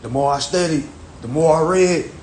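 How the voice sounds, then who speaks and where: Speaking at a normal pace, this male livestreamer has a slightly high voice with a darkish tone. His talk is casual, forceful and profane, full of repeated phrases, and it's recorded in an echoey room with faint background noise.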